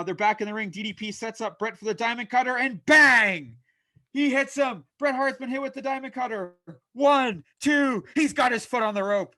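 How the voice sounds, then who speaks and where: Sitting high in pitch, this man's voice narrates a fantasy wrestling show blow by blow. He brings plenty of energy, erupting into shouts when the action peaks.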